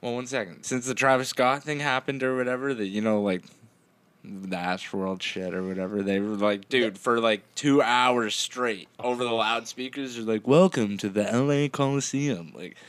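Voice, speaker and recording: Rambling mid-pitched podcast guy. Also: steady tone, normal speed, fairly bright tone, clean tone, no room sound. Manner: rambling, many fillers, swears casually. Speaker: podcast co-host. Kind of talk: casual podcast banter.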